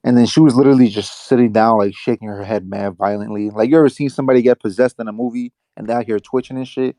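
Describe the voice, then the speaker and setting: A young man with a New York accent telling a rambling, animated work story on a casual podcast, full of slang and swearing. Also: medium pitch, fast, no room sound. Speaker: podcast co-host.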